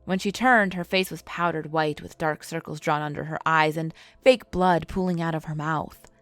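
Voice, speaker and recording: Low-voiced woman narrating a spooky story. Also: fairly even intonation, normal speed, no room sound. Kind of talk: first-person scripted horror story narration.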